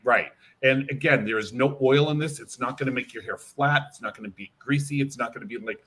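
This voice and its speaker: Husky guy explaining a scalp serum in an interview, animated, acts out client talk. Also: mid-range voice, fairly quick. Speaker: hair care brand educator.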